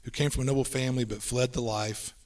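Male podcast host, brisk list-driven delivery, sits a bit back from the mic. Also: medium pitch, steady tone, a little mellow, far from the mic. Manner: brisk, runs through lists of tips. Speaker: podcast host giving tabletop game advice. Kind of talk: casual podcast chat.

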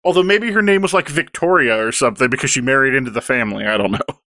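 A man's voice: mid-range voice, fast, pushed and bright, no room sound. A young man co-hosting a podcast, adding dry, joking comments to a game recap, in a dry close recording. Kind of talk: casual game recap chat.

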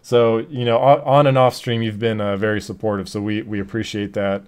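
A man's voice: lowish voice, flat delivery, fairly quick, clean tone. A man hosting a casual podcast, talking loosely with many fillers and restarts. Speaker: podcast host. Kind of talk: casual chat.

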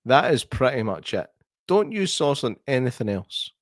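A man's voice: mid-range voice, big pitch swings, normal speed, no echo, clean studio sound. A middle-aged Scottish man co-hosting a casual late-night podcast, blunt and sweary, often laughing. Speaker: podcast co-host.

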